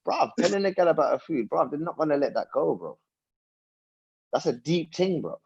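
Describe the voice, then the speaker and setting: A man with a London accent talks in slang on a casual podcast. His husky voice moves lively up and down, and his mic sounds dull and lo-fi. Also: on the high side, moderate pace. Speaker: podcast co-host. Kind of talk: casual chat.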